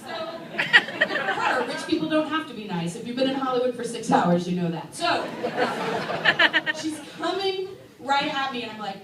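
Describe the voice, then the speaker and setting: A woman performing a stand-up comedy set, telling an animated story and jumping into high squealing voices for quotes. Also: normal speed, heavy reverb. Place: comedy club stage. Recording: distant mic in a noisy comedy club with loud crowd. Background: audience laughter.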